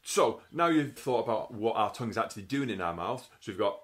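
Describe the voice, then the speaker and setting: A man's voice: on the low side, lively intonation, a little fast, noisy background. A man explaining brass tonguing technique in a methodical teaching style, often sounding out syllables. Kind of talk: instructional tutorial.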